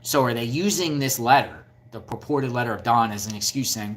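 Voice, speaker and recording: A man talking straight to his channel in casual true-crime commentary. He is combative and keeps repeating his points, stacking up rhetorical questions. His voice sits at an everyday middle pitch. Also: moderate pace. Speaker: YouTube commentator.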